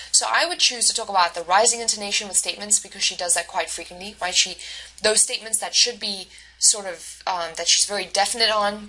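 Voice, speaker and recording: A woman's voice: medium pitch, sharp tone, poor audio. A woman instructor giving a recorded lecture, explaining step by step with frequent fillers and self-corrections. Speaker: university instructor.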